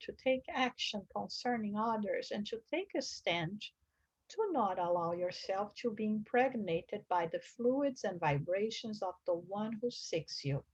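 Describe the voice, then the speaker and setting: A woman teaching a religious study group reads passages and explains them earnestly, her voice slightly rough and the recording's highs cut off. When she quotes screams, she acts them out with high bursts.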